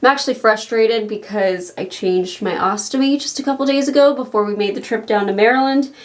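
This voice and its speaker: A woman's voice: a little high, fairly quick. A woman vlogging in casual chat to the camera, chatty and rambling with frequent small laughs, a little out of breath.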